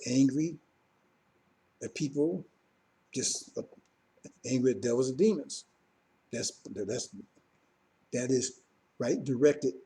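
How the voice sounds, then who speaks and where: With a mid-range, dark and slightly rough voice, this man teaches his congregation in a casual preaching style. He repeats himself and keeps asking "see?" and "you understand?" to check they're following.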